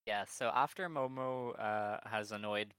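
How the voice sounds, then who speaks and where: A man's voice: fairly low pitch, fairly even intonation, a little slow, fairly bright tone, smooth, no echo. A man co-hosting a podcast, chatting in a laid-back, amused way and swearing casually. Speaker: podcast co-host. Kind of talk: casual chat recapping wrestling.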